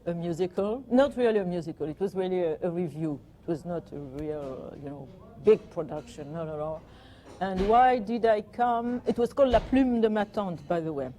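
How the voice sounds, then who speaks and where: An older woman from France with a French accent, chatting in an interview and telling anecdotes with gentle amusement. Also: medium pitch, moderate pace. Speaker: guest, performer. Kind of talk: reminiscing interview.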